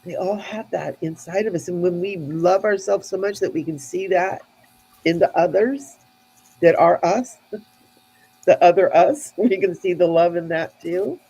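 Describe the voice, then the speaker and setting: A woman's voice: on the low side, measured pace, warm tone, slight background noise, poor audio. A woman telling a spiritual story in an earnest, heartfelt way, often restarting her sentences.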